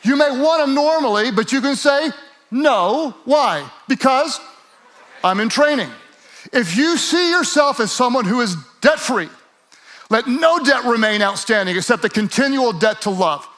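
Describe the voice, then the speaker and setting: High-voiced man preaching with rising energy. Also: normal speed. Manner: energetic, builds to shouting; playful, acts out quoted voices. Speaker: pastor. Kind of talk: sermon.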